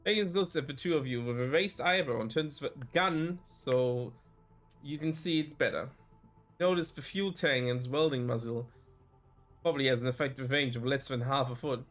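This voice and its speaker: A man's voice: mid-range voice, normal speed, a bit bright, faint music behind. A man streaming, reading a narrative video game aloud and often stopping to correct himself. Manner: frequent self-corrections and restarts while reading.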